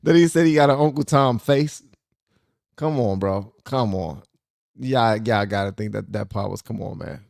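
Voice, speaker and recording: A man with a gravelly, fry-laced voice reacts to clips on his podcast, jumping up in pitch when something strikes him as unbelievable. He sounds close to the mic in a dry space. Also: normal speed, dry recording. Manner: animated, incredulous, laughs often. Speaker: podcast host. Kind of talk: reaction commentary.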